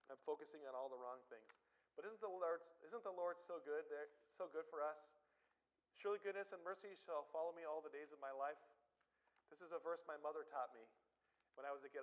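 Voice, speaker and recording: Male pastor, conversational sermon delivery, slightly higher voice, builds to emphatic points. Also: rough recording. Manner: conversational preaching with personal stories.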